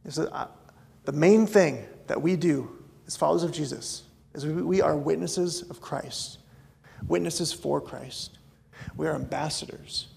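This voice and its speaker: A man preaching a conversational sermon as a pastor, swinging between loud outbursts and hushed asides. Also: a little high, unhurried, creaky, slightly rough.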